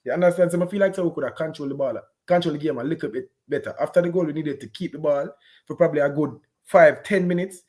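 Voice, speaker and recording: A man with a Jamaican accent giving an animated, patois-heavy post-match reaction on a football game. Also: on the high side, quick pace. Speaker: football fan pundit.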